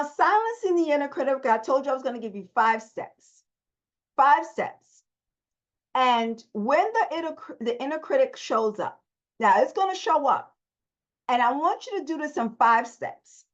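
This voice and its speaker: A woman's voice: sits high, animated, normal speed. Emphatic woman coaching self-help. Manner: emphatic, repeats key phrases, coaching. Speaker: therapist coaching viewers. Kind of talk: motivational self-help talk. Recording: dull lo-fi audio.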